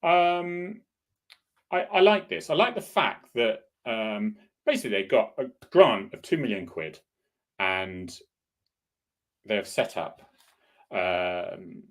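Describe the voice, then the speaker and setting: Low-ish voiced middle-aged guy rambling his opinions on a casual chat show. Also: lively intonation, slow, long pauses. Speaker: former police officer and host. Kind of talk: casual solo chat reviewing tweets. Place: home in Cornwall.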